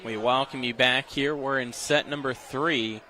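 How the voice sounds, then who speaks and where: A man's voice: medium pitch, loud music behind the voice. Man calling volleyball play-by-play. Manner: rapid, gets loud and excited on long rallies. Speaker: play-by-play commentator. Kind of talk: live volleyball commentary.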